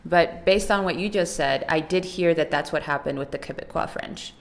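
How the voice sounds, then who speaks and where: A woman's voice: deep voice, moderate pace, vocal fry. A woman hosting a podcast, asking questions and affirming her guest in casual conversation. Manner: attentive, affirming listener. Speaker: podcast host. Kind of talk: casual interview chat.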